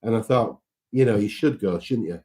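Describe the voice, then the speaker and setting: A man's voice: on the low side, normal speed, mellow. A man hosting a casual live chat, reading out viewer comments and greeting people by name in a sentimental way.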